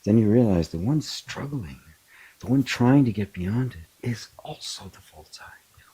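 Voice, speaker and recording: A middle-aged man, a spiritual teacher, talking reflectively in an open forum and telling stories with animated bursts. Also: on the low side, moderate pace, husky, low-quality recording. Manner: reflective, animated storytelling with laughs. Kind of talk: open forum talk on self-inquiry.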